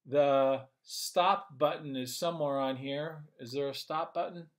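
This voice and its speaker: A man's voice: on the high side, fairly even intonation, unhurried. A man as a communication coach, explaining in an upbeat, conversational way and thinking aloud as he goes. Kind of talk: casual instructional video.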